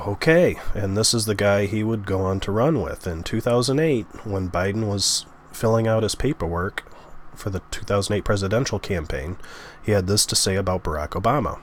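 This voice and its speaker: A man's voice: lowish voice, lively intonation, normal speed, slight background noise. A man giving political commentary in a vlog, sarcastic in tone and sighing between his points.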